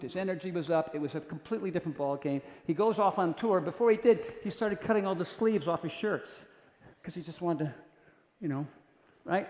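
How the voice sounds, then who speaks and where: Animated man telling stories in an echoey hall. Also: high-pitched. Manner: animated, jokey, acts out voices. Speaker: keynote speaker. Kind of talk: storytelling talk to an audience. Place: large conference hall. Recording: echoey hall with long reverb.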